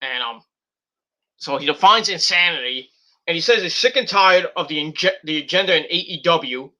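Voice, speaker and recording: A man's voice: fairly high pitch, a little fast, pushed and bright. A man casually reviewing a wrestling show, rambling with lots of fillers and mocking paraphrases of what people said.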